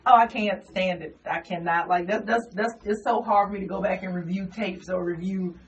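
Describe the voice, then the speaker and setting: A woman's voice: mid-range voice, fairly quick. A woman stand-up comedian with a slight twang, chatting as a radio guest and acting out the voices in her stories. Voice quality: says she has a twang. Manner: animated storyteller, acts out quotes. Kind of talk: casual radio interview chat. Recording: distant mic, dull lo-fi radio sound with faint hiss.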